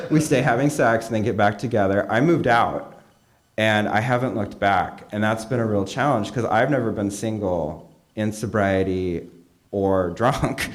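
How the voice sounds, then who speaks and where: A young man from California giving a candid, self-mocking personal talk at a meeting, full of fillers and asides. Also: on the low side. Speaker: meeting speaker. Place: meeting hall.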